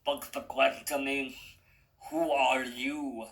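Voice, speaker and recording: A big, bald strongman servant speaks in a heavy put-on Russian accent, as a man puts him on. His delivery is slow and gravelly, stammering when he is nervous, in a storybook reading. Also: mid-range voice, little pitch movement, a bit bright. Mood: deliberate.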